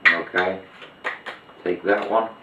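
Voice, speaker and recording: A low-voiced man talks through a card trick step by step, chatty and hands-on as he demonstrates. He sits back from the mic in a roomy space, and the recording sounds dull and muffled. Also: steady tone, slow, distant mic, heavy background noise. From Liverpool, England. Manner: chatty, step-by-step explaining while handling cards. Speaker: magician teaching a card trick. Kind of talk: demonstration tutorial.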